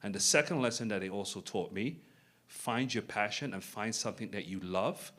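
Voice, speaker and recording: Man, middle-aged, lowish voice, earnest, reflective, panel speaker sharing a story. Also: moderate pace, fairly bright tone. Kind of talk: personal story at a panel event.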